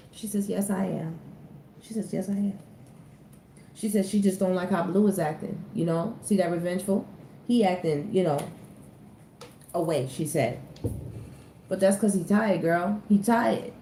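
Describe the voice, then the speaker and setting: A woman's voice: fairly low pitch, dark tone. A woman giving a casual tarot reading, chatting straight to her viewers and laughing often as she talks. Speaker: tarot reader. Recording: echoey room with faint ambient noise.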